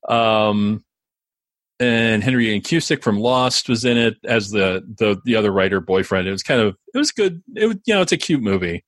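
This co-host has a fairly low voice with lively intonation and talks at normal speed. His podcast chat is relaxed and meandering, packed with fillers and restarts, and the studio-quality recording has no room sound.

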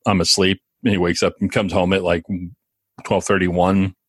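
A man's voice: sits low, level tone, moderate pace, breathy edge, no echo. A man co-hosting a podcast in casual chat, explaining things at length with frequent chuckles. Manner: explanatory, chuckles while talking. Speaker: podcast co-host.

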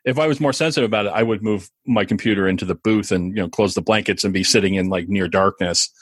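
Low-voiced man explaining, dry sound. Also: fast, slightly rough, no room sound. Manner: explanatory, chuckles while talking. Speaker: podcast co-host. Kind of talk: casual chat.

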